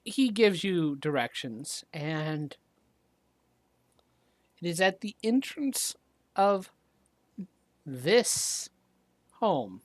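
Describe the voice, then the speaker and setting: Slow chatty game master running a tabletop game, kinda halting, dry close sound. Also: mid-range voice, fairly bright tone, dry recording.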